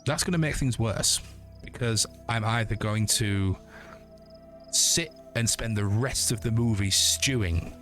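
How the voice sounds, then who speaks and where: Man, forties, sweary animated rant, low voice, faint music behind. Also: a little slow. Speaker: streamer. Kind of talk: casual rant while gaming.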